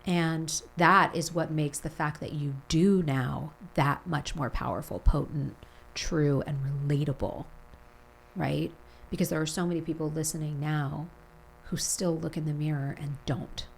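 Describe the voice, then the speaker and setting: A woman with a low voice hosts a heartfelt podcast interview. She talks her guest through slow, soothing reflections that build in long lists. A faint hum sits under her voice. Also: steady tone, creaky, low-quality recording. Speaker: podcast host.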